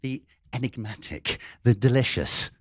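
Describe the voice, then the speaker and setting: A man's voice: mid-range voice, lively intonation, unhurried, no room sound, studio quality. A man hosting a live online talk show, rambling jokily and teasing himself as he introduces his guest. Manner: jokey, rambling, self-mocking. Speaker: host.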